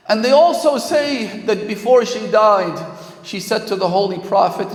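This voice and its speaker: A man's voice: high-pitched, moderate pace. A man preaching a sermon, telling a story and swelling with emotion at key moments. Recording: echoey hall.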